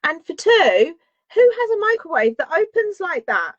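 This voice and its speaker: A woman's voice: extremely high pitch, very animated, normal speed, dry recording. A woman with a Northern English accent, co-hosting a casual podcast chat and making dry, wry remarks. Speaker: podcast co-host. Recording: dry, dull lo-fi sound.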